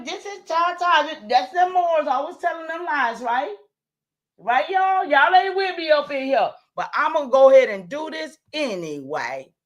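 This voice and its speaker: A high-pitched woman hosts a livestream, speaking directly to her viewers emphatically and repeating herself. When she gets heated she swears, then apologises.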